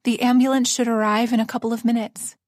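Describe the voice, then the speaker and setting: A woman narrator voicing a calm, businesslike female doctor who speaks briskly and professionally. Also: on the high side, dry recording, studio quality, voice pushed up, natural voice. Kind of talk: audiobook character voice.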